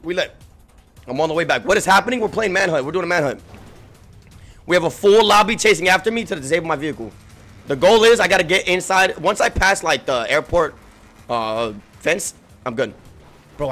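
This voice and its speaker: A gaming streamer with a fairly high voice yells, laughs and trash-talks through frantic, profane commentary as he plays, his voice starting to give out.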